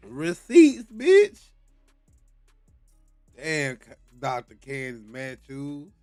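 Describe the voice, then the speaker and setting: A man hosting a live stream, reacting to a clip with loud, profane commentary that swings between mutters and shouts. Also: fairly high pitch, huge pitch swings, extremely slow, dry recording, clean studio sound, soft background music.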